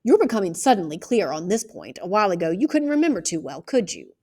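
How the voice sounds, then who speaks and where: Woman reading as a calm, patient male lawyer. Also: medium pitch. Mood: probing. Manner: measured, probing questions.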